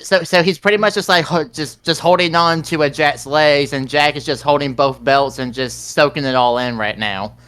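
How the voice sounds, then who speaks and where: A man's voice: fairly high pitch, moderate pace, few pauses, a bit bright, smooth. A man playing a tabletop game, describing his character's actions hesitantly with many restarts. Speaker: player.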